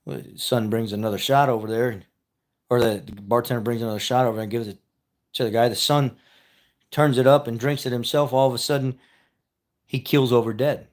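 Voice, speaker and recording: Casual storyteller, male, mid-pitched, rambling and self-deprecating, chuckles at his own jokes. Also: level tone, fairly quick, darkish tone. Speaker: vlogger.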